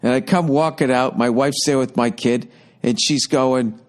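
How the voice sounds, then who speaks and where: A man's voice: mid-range voice, unhurried. A man in his fifties hosting a podcast, telling a rambling, exasperated story full of heavy swearing. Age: 50s. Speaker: podcast host. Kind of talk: profane comic storytelling monologue.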